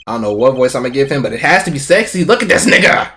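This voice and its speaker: A man's voice: mid-range voice, brisk. A man streaming a game, commenting casually with lots of swearing and jokes. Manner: swearing, excitable, jokey.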